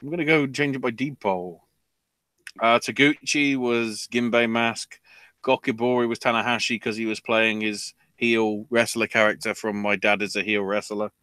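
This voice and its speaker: A man's voice: mid-range voice, fairly even intonation, moderate pace, bright, forceful tone, clean tone, no room sound. A man co-hosting a podcast, rambling through wrestling news in a casual chat full of fillers. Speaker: podcast co-host.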